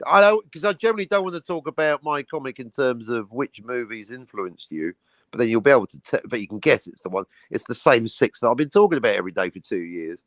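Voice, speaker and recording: A man's voice: medium pitch, animated, quick pace, a bit bright, no room sound, poor audio. A man hosting a casual livestream, rambling and joking, swearing often as he talks about his comic. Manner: rambling, jokey, swears a lot. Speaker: livestream host and comic creator.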